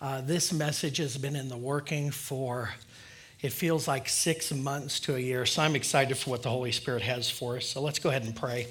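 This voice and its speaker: A man's voice: mid-range voice, steady tone, normal speed, a bit bright. A man giving a casual, conversational sermon in church, friendly and loose with filler words. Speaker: lay preacher.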